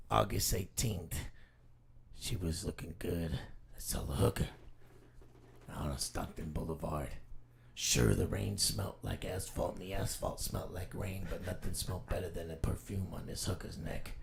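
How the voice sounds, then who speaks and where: Man putting on a grim noir vigilante, low rasp, gravelly, hushed menace. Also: measured pace, a little hiss or hum. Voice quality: low gravelly whispered growl.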